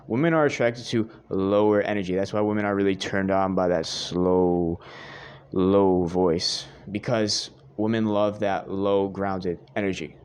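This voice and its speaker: A man's voice: on the low side, a little mellow, clear, resonant tone. A young man giving earnest dating advice straight to his viewers, repeating his points and calling them guys. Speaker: dating coach. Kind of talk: direct-to-camera advice monologue.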